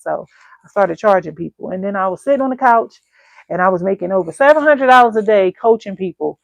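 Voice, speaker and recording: A woman candle-making coach telling stories to her viewers in an animated, colloquial, chatty way. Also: on the high side, fast, no echo, lo-fi sound. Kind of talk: casual storytelling to viewers.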